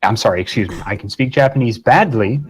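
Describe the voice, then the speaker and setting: A man's voice: mid-range voice, fast talker, slight background noise, poor audio. A man talking as a guest voice actor and game master, rambling and swearing casually in an interview.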